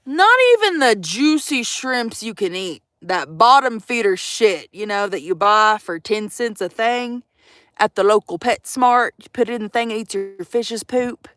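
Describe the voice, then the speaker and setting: A young woman with a drawl livestreams from her van into a phone, teasing her viewers and swearing freely. Her voice sits a bit high and swings widely in pitch. The sound is close and dry, with no room ring. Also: lively intonation, a little slow, fairly bright tone, dry recording. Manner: swearing, teasing, sassy, addresses viewers as y'all. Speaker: vanlife livestreamer. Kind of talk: casual livestream chat.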